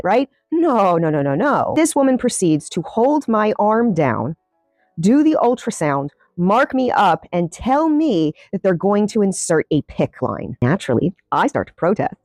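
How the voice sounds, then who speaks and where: A woman's voice: mid-range voice, darkish tone, dry recording. A woman vlogger telling a personal story in an emphatic, wry way. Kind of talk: storytime narration.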